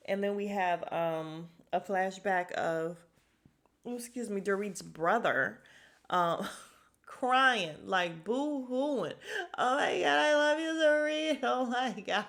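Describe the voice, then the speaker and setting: A woman's voice: fairly low pitch, fairly bright tone. A woman hosting a podcast, recapping a reality show in casual, blunt, profane chat and laughing often. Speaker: podcast host.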